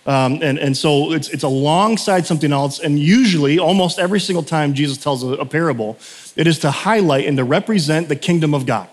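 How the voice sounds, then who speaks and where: A man in his thirties preaches in a relaxed, talky way, his voice sitting a touch high. He rambles through anecdotes with plenty of ums and easy laughter. The sound rings with a long reverb, as in a large church hall. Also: brisk. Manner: chatty, storytelling, laughs often, lots of fillers. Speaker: pastor. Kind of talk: casual conversational sermon. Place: church sanctuary.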